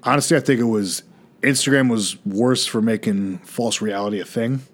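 A man in his thirties from the United States, co-hosting a podcast in blunt, profane banter. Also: medium pitch. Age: 30s. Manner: quick agreeing banter, blunt. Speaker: podcast co-host. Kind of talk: casual profane chat.

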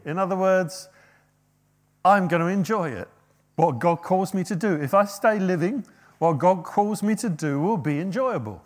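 A man delivers a sermon in a fairly high voice. He swings between loud, emphatic quotations and hushed asides to the congregation. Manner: emphatic, rising to loud quoted passages, dropping to quiet asides. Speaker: preacher.

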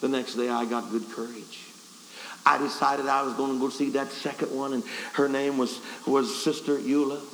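A man's voice: mid-range voice, level tone, normal speed, a bit bright. A man preaching at a revival, telling a folksy, self-deprecating story with stammering restarts. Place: revival service hall. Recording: echoey hall with faint hiss.

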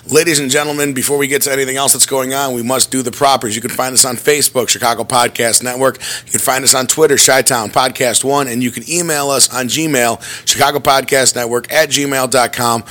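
Jokey, lively man hosting a podcast. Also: medium pitch, a little fast, hardly any pauses. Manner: jokey, lively, full of pop-culture riffs. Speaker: podcast host. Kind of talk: casual podcast chat.

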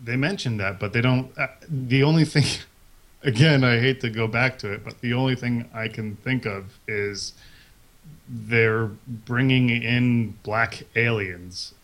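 A man's voice: mid-range voice, unhurried, fairly bright tone. A man co-hosting a podcast, sharing trivia in a casual, offhand, joking way. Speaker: podcast co-host.

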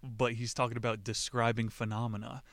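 A man's voice: medium pitch, level tone, a little fast, fairly bright tone, no room sound. A man hosting a casual book discussion podcast, talking in an irreverent, rambling and mocking way. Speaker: podcast host.

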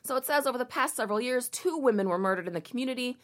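A woman's voice: on the high side, expressive, racing, fairly bright tone. A woman reading a news article aloud and breaking off into sarcastic, indignant, profanity-laced rants. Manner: sarcastic, indignant, swears a lot, reads quotes aloud then rants. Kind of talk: casual commentary video.

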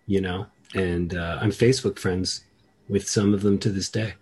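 A man hosting a podcast in a casual, rambling chat, keeping his voice down and trailing off quietly. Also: low-pitched, fairly even intonation, moderate pace, slight background noise. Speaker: podcast host. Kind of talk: casual conversation.

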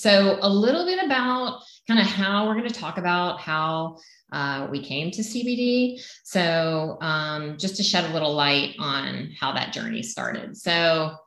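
A woman's voice: sits low, fairly bright tone. A middle-aged woman with a Southern American accent, earnestly co-hosting a health podcast and sharing her own story. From South Carolina. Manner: earnest, emphatic declarations. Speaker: health coach co-host. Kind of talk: podcast introduction and personal story. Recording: echoey room.

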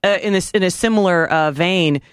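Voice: mid-range voice, brisk, clear, resonant tone, no room sound, studio quality. A podcast co-host in casual chat, talking easily and laughing often. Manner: chatty, laughs easily, with fillers.

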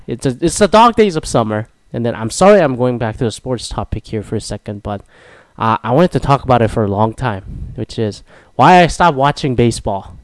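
A man's voice: medium pitch, no room sound. A young man from Korea, hosting a casual solo talk and ranting profanely with self-mocking asides. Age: young adult.

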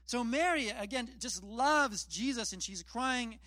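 A man's voice: very high-pitched, animated, measured pace, bright, forceful tone, no echo. A man preaching a casual sermon, retelling scripture in plain, chatty storytelling with self-deprecating asides. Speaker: pastor.

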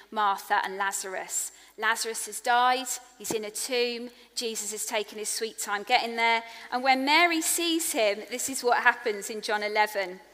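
A woman preaching a sermon in an earnest, personal way, growing hushed on tender points. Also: a little high. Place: church hall. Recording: long echo of a large hall.

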